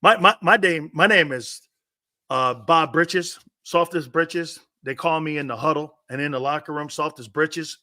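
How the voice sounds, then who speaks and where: A man's voice: a little high, a little slow, bright, forceful tone. A man mocking a timid, fawning football lineman. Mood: meekly polite. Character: meek, overly polite male football lineman.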